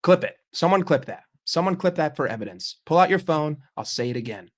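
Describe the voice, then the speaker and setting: A man hosting a casual live stream and bantering with his chat in an animated, profane way. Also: on the high side, a little fast. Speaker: livestream host.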